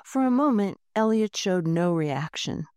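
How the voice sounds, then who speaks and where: Woman reading a kids' storybook, really slow, gentle, dry close sound. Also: medium pitch, lively intonation, clean tone, no echo. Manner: gentle, unhurried reading with lightly voiced characters. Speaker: audiobook narrator. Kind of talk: scripted storybook narration.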